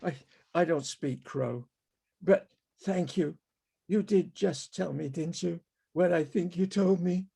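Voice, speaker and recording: A man reading his own fiction aloud over a video call as a halting, musing first-person character monologue. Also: fairly high pitch, gravelly, mellow, husky. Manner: halting, musing, talks to animals and people in the scene.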